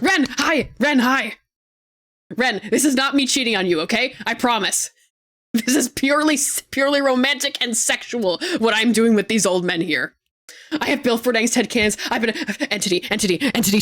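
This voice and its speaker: Her voice is fairly high-pitched as this young adult streamer chats casually at a desk mic. She gets excited and gushes, laughing frequently and swearing freely.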